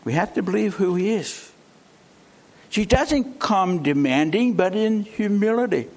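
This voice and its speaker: High-voiced, unhurried male preacher. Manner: emphatic, with rhetorical questions. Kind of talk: sermon.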